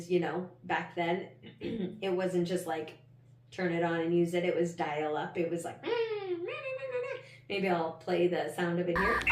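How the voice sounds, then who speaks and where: A woman with a somewhat low voice tells her own story as a podcast host, candid and rambling, with plenty of "like" and casual swearing. She sits a bit away from the microphone. The room around her is noticeably echoey. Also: a little mellow, a little hiss or hum. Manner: candid and rambling, heavy use of "like", frequent swearing. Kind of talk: personal storytelling monologue. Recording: roomy, slightly distant mic.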